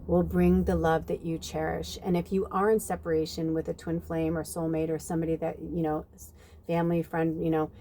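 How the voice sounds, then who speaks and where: A woman's voice: on the low side, dark tone, a little hiss or hum. A woman giving a casual channeled spiritual reading, chatty and rambling with many fillers, talking outdoors at night. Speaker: tarot reader.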